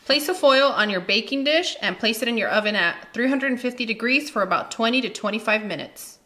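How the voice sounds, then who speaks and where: A woman's voice: on the high side, animated, brisk, noisy background. Home cooking host, woman, 30s, playful and chatty, tosses in Spanish words. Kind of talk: casual cooking demonstration. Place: home kitchen.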